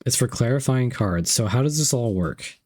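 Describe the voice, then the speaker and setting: A man's voice: medium pitch, lively intonation, normal speed, a little mellow. A young man streaming live, reading chat messages aloud and unboxing gifts, playful and repeating himself.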